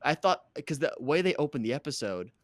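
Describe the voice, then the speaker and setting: A man's voice: medium pitch, sing-song, brisk, dry recording, studio quality. A man co-hosting a podcast, recapping a reality dating show in casual, joking chat and laughing often. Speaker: podcast co-host.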